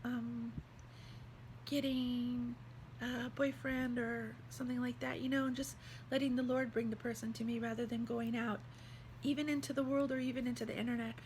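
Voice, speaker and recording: A woman's voice: on the high side, flat delivery, normal speed, a little mellow, slight background noise, poor audio. A woman vlogger talking in an earnest, heartfelt, rambling way about faith. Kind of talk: casual devotional vlog talk.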